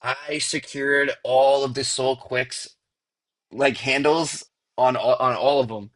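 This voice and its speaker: A man's voice: mid-range voice, steady tone, takes it slowly, fairly bright tone. A man hosting a casual livestream, rambling in slang and saying "bro" often, talking through earbuds. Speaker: livestream host. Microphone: earbuds mic.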